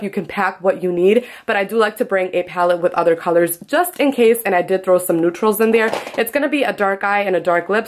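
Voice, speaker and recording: A woman's voice: mid-range voice, a little hiss or hum. Woman, twenties, makeup artist, casual vlog, chatty, upbeat. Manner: chatty, upbeat, lots of "literally".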